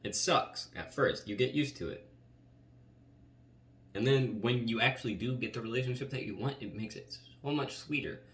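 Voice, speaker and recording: A man's voice: mid-range voice, normal speed, fairly bright tone. A man giving a casual tarot reading in a chatty, rambling way, often saying "like.". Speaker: tarot reader. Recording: roomy, distant mic, faint noise.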